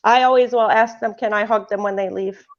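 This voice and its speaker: A woman's voice: mid-range voice, steady tone, brisk. A woman hosting a casual spiritual chat podcast, talking in a rambling way with many restarts. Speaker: podcast host. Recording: muffled lo-fi sound.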